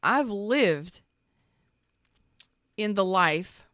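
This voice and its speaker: A woman's voice: mid-range voice, expressive, very slow, fairly bright tone, no room sound, studio quality. A woman giving a rambling, emphatic tarot reading, repeating herself for emphasis and swearing casually. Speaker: tarot reader. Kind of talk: spontaneous tarot reading monologue.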